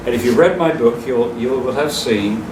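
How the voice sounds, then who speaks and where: A man with a medium-pitched voice gives a public lecture in a hall at a moderate pace, emphatic and scornful, laughing at his own jokes. The recording is noisy, picked up from far off in an echoey hall.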